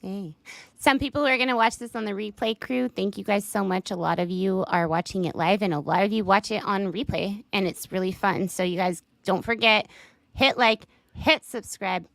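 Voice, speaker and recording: A woman's voice: mid-range voice, normal speed, gravelly, fairly bright tone, dry recording. A woman co-hosting a casual livestream chat, affectionate and laughing often, with casual swearing. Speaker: livestream co-host.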